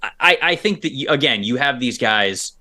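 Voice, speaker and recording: A man co-hosting a casual sports discussion as a football analyst, speaking over a remote video call and thinking out loud with quick repeated starts. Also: medium pitch, lively intonation.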